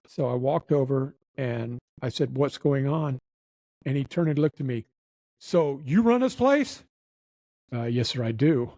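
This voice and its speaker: Animated storytelling man, mellow and dry. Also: medium pitch, normal speed, no echo, low-quality recording. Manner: animated storyteller acting out quoted voices. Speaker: nightclub manager telling stories. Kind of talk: casual storytelling chat.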